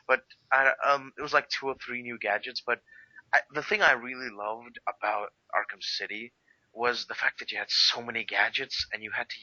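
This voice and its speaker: Very bright-voiced excitable man. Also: medium pitch, no echo, dull audio. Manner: excitable, acts out quotes in a raised voice. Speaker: co-host of a game review discussion. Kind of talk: casual chat.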